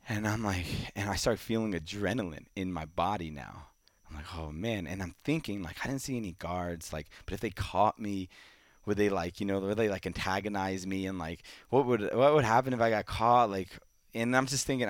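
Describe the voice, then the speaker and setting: A man casually telling a long personal story as a podcast guest, with many "like"s, sometimes dropping to a hush. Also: low-pitched, no echo, studio quality. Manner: animated storyteller, many "like"s, drops to a hush in quiet moments.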